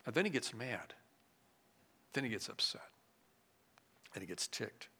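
A man preaching a sermon and reading scripture aloud. He swings between loud, emphatic lines and hushed, quiet asides. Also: medium pitch, very animated, unhurried, breathy edge.

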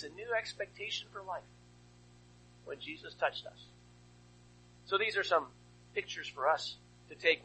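Animated, husky-voiced male preacher. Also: sits high, poor audio. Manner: rhetorical questions, animated storytelling. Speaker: pastor. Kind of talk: sermon.

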